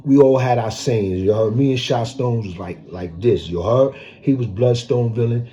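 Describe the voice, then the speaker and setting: A man's voice: mid-range voice, normal speed, few pauses, dark tone. A man from the Bronx with a New York accent, telling prison stories in a casual monologue, full of street slang and repeated "you heard?".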